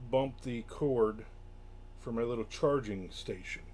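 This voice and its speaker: A man's voice: mid-range voice, measured pace, darkish tone, a little hiss or hum. An older man streaming from home, casually chatting and grumbling through a story while acting out the quotes. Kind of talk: casual chat. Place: home room.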